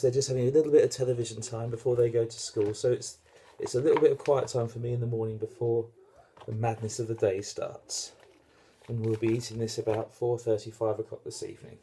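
A man's voice: medium pitch, dark tone, a little hiss or hum. A British man hosting a casual home cooking demonstration in his kitchen, chatting and joking at his own expense. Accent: British English. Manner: chatty, joking, self-deprecating. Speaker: home cook and channel host.

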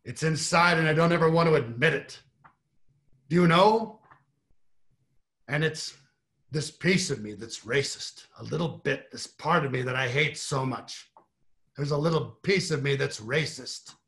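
A man doing an impression of an older male trial lawyer who speaks slowly and quietly, with a hushed, deliberate manner. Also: fairly high pitch. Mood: confessional.

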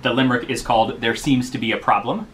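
Bright-voiced man teaching poetry. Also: mid-range voice, steady tone, slight background noise. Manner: explains slowly, tapping out rhythms. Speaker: poetry reading host. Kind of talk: casual teaching talk.

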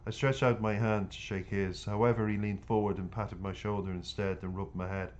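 A man, an author reading his own book aloud in an unhurried first-person narration with small stumbles. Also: on the low side, flat delivery, a little mellow, lo-fi sound.

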